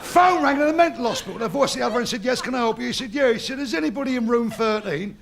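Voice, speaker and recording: A man's voice: very high voice, animated, racing, vocal fry, crowd noise. A Cockney man doing crude, boisterous stand-up, laughing at his own jokes. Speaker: stand-up comedian. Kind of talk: bawdy stand-up joke telling.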